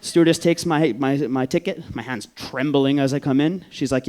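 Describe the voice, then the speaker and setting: A man, from Vancouver, telling a personal story on stage in an animated, profane way, acting out the voices. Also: mid-range voice, moderate pace, hardly any pauses. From Vancouver, Canada.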